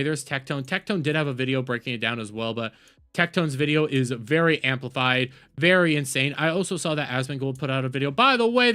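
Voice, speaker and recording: A man's voice: medium pitch, a bit bright. Give me a man live-streaming reactions, swearing and incredulous, with faint music in the background. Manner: profane, exasperated, breaks into incredulous laughter. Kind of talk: casual live-stream commentary.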